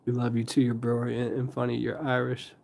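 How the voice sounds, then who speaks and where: A man's voice: mid-range voice, monotone, brisk, vocal fry, a little mellow. A man hosting a casual livestream, chatting loosely with viewers, laughing often and wandering into rambling asides. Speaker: livestream host and storyteller.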